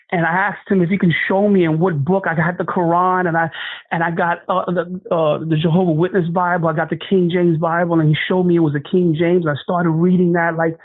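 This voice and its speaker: A man shares his testimony in an earnest, halting voice, often stopping and restarting his sentences. His voice sits a little high for a man. The sound is thin and dry, like a phone line. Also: no echo. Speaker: guest sharing a testimony. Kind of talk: emotional personal testimony.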